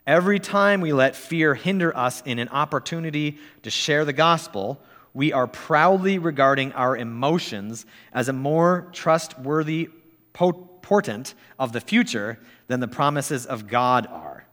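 Slow, earnest male preacher. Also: medium pitch, animated, fairly bright tone. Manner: measured, earnest, slow delivery. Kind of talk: sermon, reading a quote aloud. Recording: long hall reverb.

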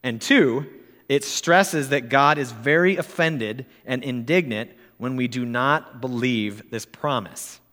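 Slow, earnest male preacher. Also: medium pitch, a bit bright. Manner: measured, earnest, slow delivery. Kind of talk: sermon, reading a quote aloud. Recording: long hall reverb.

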